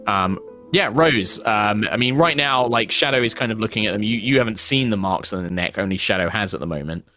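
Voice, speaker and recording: A man's voice: fairly quick, faint music behind. A man narrating as game master of a tabletop game, descriptive and filler-heavy. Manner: descriptive, many fillers, expressive pitch.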